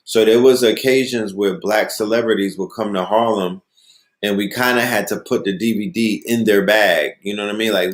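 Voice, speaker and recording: A man with a lowish voice hosts a casual, rambling monologue. He tells stories loosely and often checks in with "you know what I mean". The recording sounds like an echoey room. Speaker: host.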